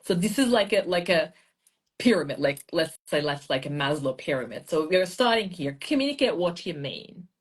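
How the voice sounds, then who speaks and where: A woman's voice: lowish voice, moderate pace, husky. A woman from Iran, a language teacher, explaining her views as a guest in a casual interview over a video call. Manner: explanatory, expressive.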